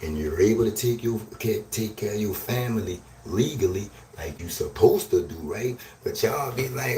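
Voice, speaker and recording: A man hosting a live stream, delivering a loud, crude, rambling rant and checking in with "you hear me?". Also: lowish voice, expressive, moderate pace, hardly any pauses. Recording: roomy echo, distant from mic, faint noise.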